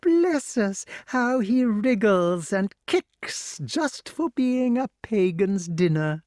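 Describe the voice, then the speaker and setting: A man's voice: sits high, very animated, slow pace, darkish tone, dry recording, studio quality, voice pushed up, full character voice. A man voicing a cruel, greedy old witch in an audiobook, drawing out her words with relish in a sing-song way. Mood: gloating. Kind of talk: audiobook character voice.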